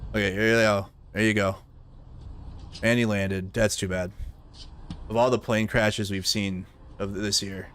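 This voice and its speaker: A man's voice: lowish voice, flat delivery, measured pace, pauses often, a bit bright, clean tone. A man hosting a live news commentary stream, talking bluntly and with profanity. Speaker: livestream news host.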